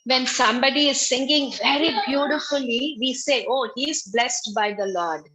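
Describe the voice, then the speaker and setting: A woman giving a religious class over a video call, explaining slowly and patiently, often repeating her phrases. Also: high-pitched, bright, forceful tone, rough recording. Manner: slow, repetitive, patient explaining. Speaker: spiritual teacher.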